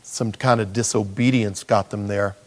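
A man preaching as a pastor, telling personal stories in an animated way. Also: on the low side, normal speed. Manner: animated storyteller. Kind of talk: sermon with personal storytelling.

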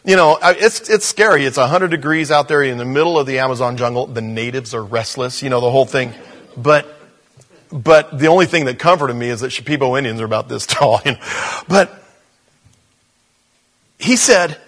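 A male pastor telling a story in a sermon, animated, with stumbles and restarts. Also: mid-range voice, fairly quick.

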